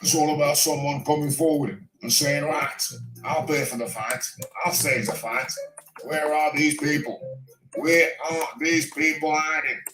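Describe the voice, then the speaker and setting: A man's voice: medium pitch, very slow, long pauses. A man doing an impression of a blunt older northern English boxing father who rants in indignant questions. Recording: roomy echo, faint music.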